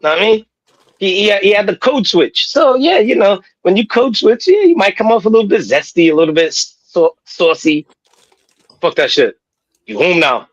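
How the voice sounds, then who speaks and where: A man talks sports in loose, profane banter. His voice is fairly high and husky, and his pitch swings widely as he gets fired up. The sound is close and dry. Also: normal speed, dry recording, highs cut off. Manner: profane, animated, repeats "know what I mean". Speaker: podcast co-host. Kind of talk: casual sports talk.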